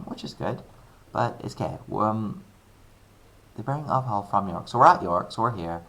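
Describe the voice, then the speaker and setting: In a screen-recorded maths lesson, a man talks through a worked example, cheerful and conversational, musing aloud and dropping playful asides. He has a lowish voice with a fairly bright tone.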